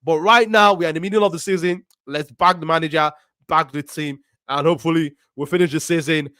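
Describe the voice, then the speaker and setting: A man hosting a football fan stream, reading out viewer comments and giving his opinion in a measured way, with frequent ums and restarts. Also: fairly high pitch, steady tone, bright, forceful tone, no room sound, clean studio sound.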